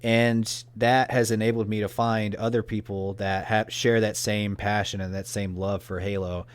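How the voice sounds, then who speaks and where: A man co-hosting a podcast, talking in a halting way with many restarts. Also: fairly low pitch, level tone. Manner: halting, full of restarts and fillers. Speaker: podcast co-host. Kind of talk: casual chat.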